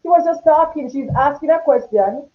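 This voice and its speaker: A woman hosting a talk show in casual chat, with a strong, forceful tone that gets loud when she is passionate, heard over a video call. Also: high-pitched, normal speed. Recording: tinny phone-like line.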